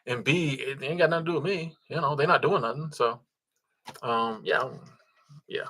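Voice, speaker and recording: A man at medium pitch and normal speed runs a casual livestream, his tone bright and forceful, with a little hiss or hum in the audio. He laughs softly as he goes through viewer comments and thanks supporters, often saying um and starting over.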